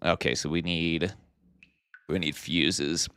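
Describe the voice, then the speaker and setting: Speaking slowly in a smooth, slightly bright bass voice with fairly even intonation, a man casually chats during a live game stream at home. He thanks his viewers and thinks out loud as he plays.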